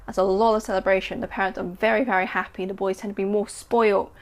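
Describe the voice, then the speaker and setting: A woman, chatting excitedly about her writing and reading aloud from her story. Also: mid-range voice, fast talker. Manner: excitable, chatty, filler-heavy. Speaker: writer and vlogger. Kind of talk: casual chat and story reading.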